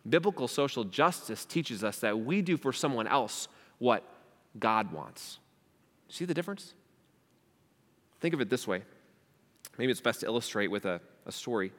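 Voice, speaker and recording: A man's voice: medium pitch, expressive, moderate pace, long pauses, a bit bright, big-room sound. A young man preaching a sermon as pastor, emphatic and asking rhetorical questions. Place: church hall.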